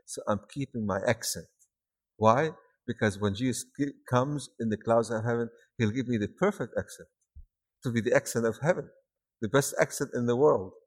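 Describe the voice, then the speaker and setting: A man with a foreign accent preaching a sermon, telling stories with energy and rising to shouts at the peaks. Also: mid-range voice, husky. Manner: animated storytelling, shouting at peaks.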